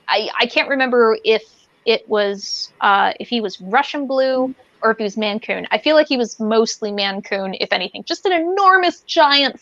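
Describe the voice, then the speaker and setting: A woman's voice: fairly high pitch, a bit bright, dry recording. Playful rambling woman on a dull, dry recording. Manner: rambling and playful, with many fillers. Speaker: podcast co-host. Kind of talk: casual chat.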